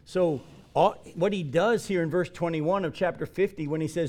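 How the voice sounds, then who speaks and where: A man preaching a sermon and reading scripture aloud. He talks earnestly and gets louder and higher to stress a point. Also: normal speed. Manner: earnest, rises in pitch and volume for emphasis. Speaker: pastor.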